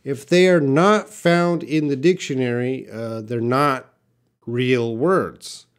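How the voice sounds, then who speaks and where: A man teaching English live, answering viewer questions one by one. He talks slowly and unhurriedly at a middle pitch, stopping to restart sentences and fill gaps as he works out each explanation. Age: young adult. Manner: slow, patient explaining with restarts and fillers.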